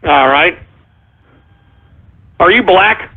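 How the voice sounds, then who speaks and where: A man hosting a shock-jock call-in radio show, talking in a loud, mocking, rambling way. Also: high voice, expressive, extremely slow, breathy edge. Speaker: radio talk show host. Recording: lo-fi phone-like radio sound.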